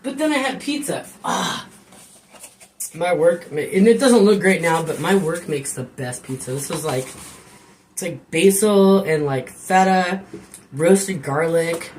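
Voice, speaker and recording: A woman's voice: on the low side, a little slow, darkish tone, slight background noise. A woman chatting casually and rambling on a live stream from her kitchen, swearing and joking with viewers. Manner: rambling, profane, jokey. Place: home kitchen.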